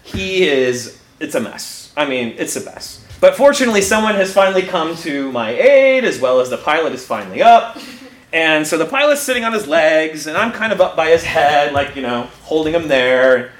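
A man spins a personal story with a high voice that leaps all over the place, laughing as he goes and acting out his own reactions. The sound is roomy and echoey, with clear noise underneath. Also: normal speed. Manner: animated, laughs often while telling, acts out his own quoted reactions. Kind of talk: personal story told live. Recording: echoey room with background noise.

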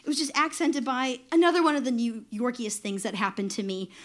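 A woman in her thirties tells a personal story from her own life, her voice sitting high in pitch. She talks in a wry, self-deprecating way. Laughter keeps slipping in between her lines. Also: fairly even intonation, fairly quick. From New York.

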